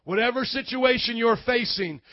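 A man preaching a lively sermon in a church, shifting between loud shouts and quiet passages. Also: very high voice, moderate pace, no echo, dull audio. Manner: energetic, swings from shouting to hushed. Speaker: pastor.

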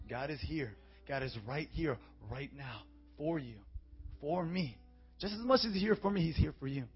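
A young man preaching as a youth pastor, calling for amens and swinging from quiet, intimate talk to shouted declarations. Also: medium pitch. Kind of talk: sermon. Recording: dull, muffled sound with faint music.

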